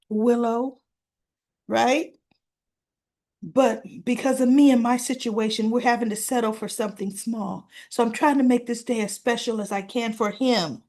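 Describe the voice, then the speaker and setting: A woman's voice: fairly high pitch, darkish tone. A woman casually recapping a soap opera episode, chatty, retelling scenes with quoted lines and asking "right?" as she goes.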